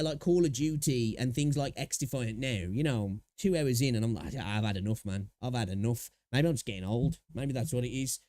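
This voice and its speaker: Guy rambling on his stream, lots of stop-starts, kinda high voice, super dry close sound. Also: darkish tone, no echo. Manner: rambling, with many restarts and repeated words. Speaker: livestream host reacting to videos. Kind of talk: casual live-stream chat.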